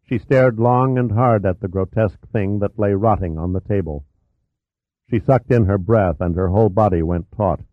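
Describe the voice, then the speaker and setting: A man with a low voice reads a thriller aloud at a steady, even pace. The recording is dry and close. It is also thin and phone-like. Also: moderate pace, no room sound. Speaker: narrator. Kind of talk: audiobook narration. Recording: tinny narrow-band audio.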